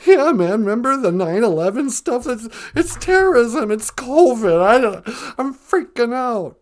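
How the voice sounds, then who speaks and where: A man's voice: very high-pitched, very animated, unhurried, voice pushed up, heavily acted. A man voicing a panicky male cowardly lion who calls in and rambles about his fears. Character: jittery anxious male cowardly lion caller. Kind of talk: comedy podcast bit.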